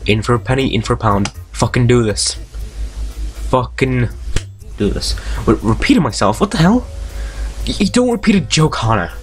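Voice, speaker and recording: Man, gaming host, reading story text aloud, stumbles over words, drifts into jokes, curses a lot, mid-pitched voice. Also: animated, normal speed, long pauses. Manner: swears freely, breaks off into tangents and jokes. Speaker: let's play host. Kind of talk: reading a visual novel aloud with commentary.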